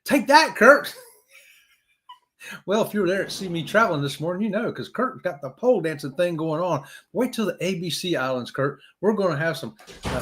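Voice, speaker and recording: Male stream host, fairly high voice, talkative, joking, shouting out viewers. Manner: chatty, jokey, greets viewers by name. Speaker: host of a live cruise chat stream. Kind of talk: casual live-stream chat.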